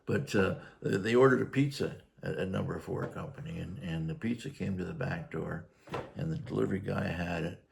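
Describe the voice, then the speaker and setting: A retired firefighter, a man, telling a long story in a rambling, halting way during a casual chat. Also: sits low, creaky, darkish tone.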